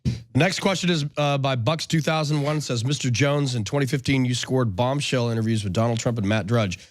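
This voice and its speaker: Male co-host reading questions, plain mid-pitched delivery. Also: fairly quick, no room sound. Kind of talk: casual talk show reading.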